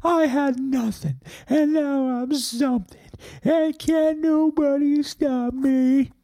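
A man doing a high, drawn-out action-hero pep talk. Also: creaky, dark tone, exaggerated voice. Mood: pumped up. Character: gruff male action-movie star giving a pep talk.

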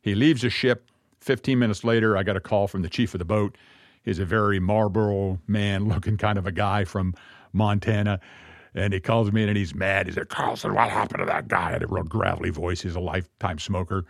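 A middle-aged man, a Messianic rabbi, preaches through an earnest, reflective personal story marked by pauses and restarts. His low, gravelly voice holds a steady tone. The recording is dry and of studio quality.

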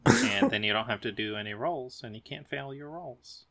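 A man's voice: mid-range voice, expressive, normal speed, gravelly, a bit bright. A man playing a tabletop game, laid-back and joking. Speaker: player.

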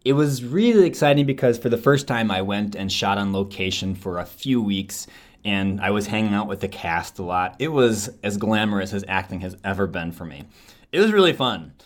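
A low-pitched young man from Wisconsin speaks as a podcast guest. He tells stories about acting in a lively, relaxed way. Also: normal speed. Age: young adult. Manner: animated, switches into playful accents. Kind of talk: relaxed interview conversation.

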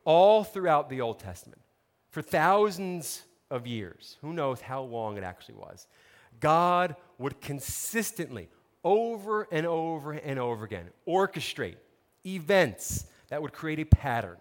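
Animated male preacher in an echoey hall. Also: a little high, unhurried. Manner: animated storytelling, conversational asides. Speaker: pastor. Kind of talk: sermon.

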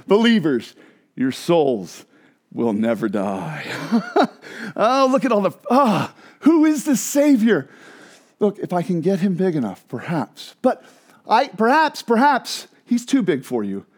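A man preaching an evangelistic sermon with passion, swinging from hushed low phrases to loud emphatic ones. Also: big pitch swings, a little slow, pauses often. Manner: frequent laughs and restarts. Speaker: pastor.

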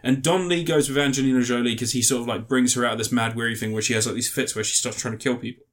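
A man's voice: mid-range voice, steady tone, racing. Rambling, sweary man. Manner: rambling, swears freely, mocking impressions. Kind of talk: casual film chat.

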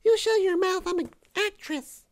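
A man doing a squeaky girl voice. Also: normal speed. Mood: indignant. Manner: shrill, indignant, cursing. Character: exaggerated young woman, squeaky and brash.

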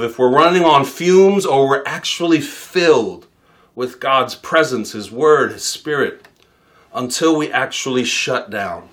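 A man's voice: medium pitch, fairly bright tone. A man from New York in his thirties, preaching a sermon and mixing in funny personal stories. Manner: storytelling with humor, quoting himself. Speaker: pastor.

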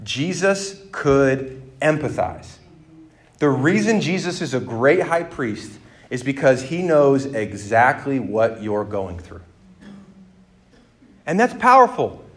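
A man preaching a sermon, moving between quiet reflection and loud, emphatic exhortation. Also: mid-range voice, sing-song, slow, pauses often.

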